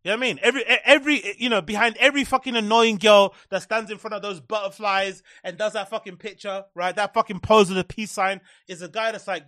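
A man with a high voice delivers sarcastic, profanity-laced commentary as a podcast host. His sound is dry and close, with no room around it. He slips into mocking impressions mid-rant. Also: steady tone, quick pace, hardly any pauses, sharp tone, no echo. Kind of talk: comedic commentary on clips.

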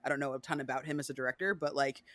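A woman's voice: rumbling low, fairly even intonation, very fast, fairly bright tone, no room sound. A woman hosting a podcast, chatting casually and animatedly, swearing freely and acting out movie lines. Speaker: podcast host.

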